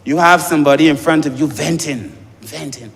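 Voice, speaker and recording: A man's voice: fairly high pitch, steady tone, fairly quick, a bit bright. Emphatic man in a parliament chamber. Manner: emphatic, repeatedly addressing the chair as sir. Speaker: member of parliament. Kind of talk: parliamentary debate speech. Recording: long reverb of a debating chamber.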